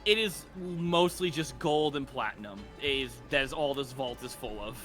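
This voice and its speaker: A man running a tabletop game as dungeon master, narrating excitedly, swearing freely and shouting out the lines of guards. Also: medium pitch, normal speed, over music.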